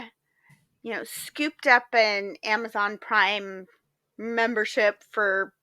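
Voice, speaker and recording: Woman podcast co-host, high bright voice, lively casual storyteller, dry close sound. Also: dry recording. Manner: lively storytelling, frequent fillers. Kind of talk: casual chat.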